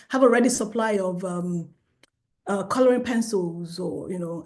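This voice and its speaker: A middle-aged woman gives a lively talk to parents about helping children calm down. She slips into the voices of parents and children to act out the moments she describes. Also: medium pitch. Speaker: child development specialist.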